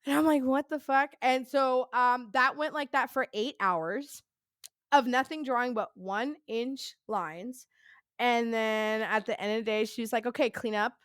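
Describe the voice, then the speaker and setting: Woman with a slightly high voice, a chatty, profane storyteller who rambles fast with a laugh; close, dry mic. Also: a bit bright, clear, resonant tone, no echo. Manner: rapid, rambling and profane, with frequent laughs and "right?" asides. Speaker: podcast guest. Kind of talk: casual storytelling.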